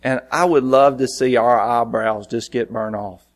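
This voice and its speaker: Man preaching with a folksy story. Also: measured pace. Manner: animated, folksy storytelling, jumping in pitch for quoted lines. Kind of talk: sermon with a personal anecdote.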